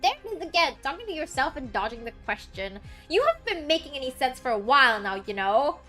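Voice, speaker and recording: A woman voicing a small, bossy floating female companion, reading game lines in a squeaky, indignant way. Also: very animated, fast talker, sharp tone, faint music behind, full character voice. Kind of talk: reading game dialogue aloud.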